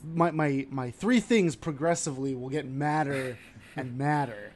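A man co-hosting a casual sports chat, animated and ranting with sudden loud outbursts. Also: mid-range voice, a little slow, a little hiss or hum. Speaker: podcast co-host.

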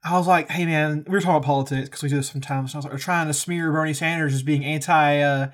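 A man's voice: fairly high pitch, fairly even intonation, rapid-fire. Man, podcast co-host, crude casual banter, rambling stories. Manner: profane, joking, rambling storyteller.

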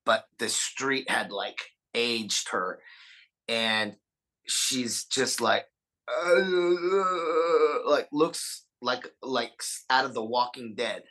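Earnest bright-voiced man, stammering. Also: medium pitch, husky, poor audio. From Austin, Texas. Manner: earnest, stammers and repeats words, swears freely. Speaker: podcast guest, punk singer. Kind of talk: casual podcast conversation.

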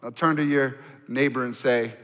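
A male pastor preaching a sermon to his congregation in an animated, conversational way, asking the audience to turn to their neighbors. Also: medium pitch, moderate pace, slight background noise. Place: church sanctuary. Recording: long hall reverb.

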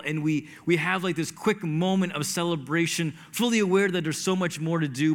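A man from New Jersey telling a personal faith story in an earnest, halting way, often restarting his sentences. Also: fairly high pitch, a bit bright.

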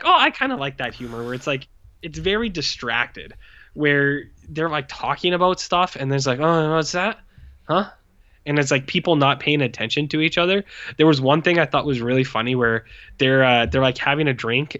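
Bright-voiced man rambling about movies. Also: mid-range voice, no room sound, dull audio. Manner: rambling, filler-heavy, acts out quoted lines. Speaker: podcast co-host. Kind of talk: casual movie review chat.

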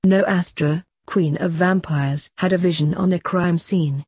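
Woman reading a smart-mouthed young reaper prince, husky, kinda sneering. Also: fairly low pitch, fairly even intonation, unhurried, darkish tone, no echo, studio quality. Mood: mocking. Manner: mocking, offhand. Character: sardonic young male reaper prince, the son.

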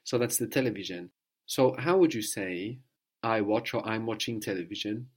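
A man's voice: on the low side, moderate pace, husky. A man giving a patient one-to-one language lesson, prompting his student with questions and repeating the answers. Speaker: language teacher.

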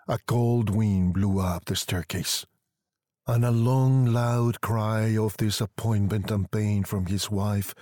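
Male storyteller, low husky voice, measured reading, dry close sound. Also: darkish tone, no echo. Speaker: narrator. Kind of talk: scripted story narration.

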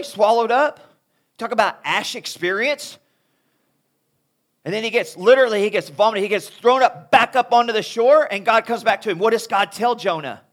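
High-voiced man preaching animatedly. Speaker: youth speaker. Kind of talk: sermon to young people.

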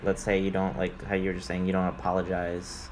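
Very deep-voiced halting man. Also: completely flat delivery, a little hiss or hum. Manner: halting, lots of fillers and affirmations. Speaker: podcast co-host. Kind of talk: casual chat.

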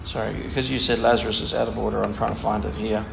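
A man's voice: fairly low pitch, flat delivery, fast talker, vocal fry. A man giving a casual talk on scripture, reading passages aloud and explaining them in a digressive, thinking-aloud way. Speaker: Bible study speaker. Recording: echoey room with faint background noise.

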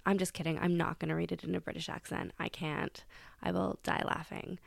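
Woman hosting a solo podcast, lowish voice w some fry, dry close sound, chatty and self-mocking. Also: little pitch movement, a little fast, no room sound. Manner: chatty, laughs at herself, reads quotes aloud. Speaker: podcast host.

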